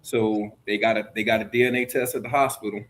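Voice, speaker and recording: A man's voice: on the low side, fairly even intonation, quick pace, fairly bright tone, slight background noise, low-quality recording. Middle-aged man rambling through a story. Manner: rambling storyteller, restarts, blunt. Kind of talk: casual livestream chat.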